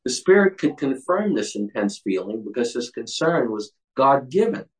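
A man's voice: mid-range voice, very animated, moderate pace, rough recording. A man leading a Bible study, explaining a passage in an earnest way with frequent restarts.

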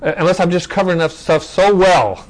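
In a conversational Bible class, a man asks rhetorical questions, checks understanding with "okay?", and restarts phrases as he reads verses. His voice sits high and moves a little fast, and the recording is low quality.

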